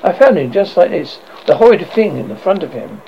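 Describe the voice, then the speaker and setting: A man's voice: sits high, big pitch swings, a little fast, lo-fi sound, slight background noise. A man voicing a worried young male student in a horror story reading, fretful and exasperated.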